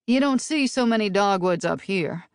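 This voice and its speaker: A woman's voice: medium pitch, expressive, normal speed, clear, resonant tone, no echo, clean studio sound, close to an everyday voice. A woman voicing an amiable male US marshal with a Southern accent and a teasing, easygoing manner.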